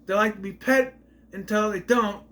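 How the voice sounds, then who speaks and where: A man's voice: sits high, fairly even intonation, moderate pace, a bit bright. A man casually reviewing a movie on video, rambling off on tangents.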